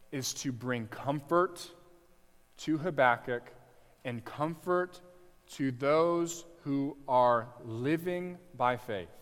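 A man preaching an expository sermon, slowing down for emphasis and swelling loud on the quoted cries. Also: medium pitch. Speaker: pastor. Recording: long hall reverb.

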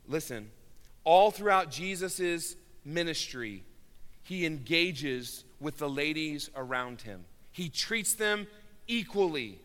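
A man preaching a sermon with earnest emphasis, rising loud on key words and dropping low and quiet. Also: animated, slow. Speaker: pastor. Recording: long hall reverb.

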